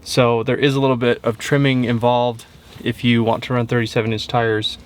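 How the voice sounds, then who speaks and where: A man's voice: mid-range voice, flat delivery, moderate pace. A man giving a casual, upbeat walkaround of a truck in a vlog, with frequent fillers. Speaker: truck reviewer. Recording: windy outdoor noise.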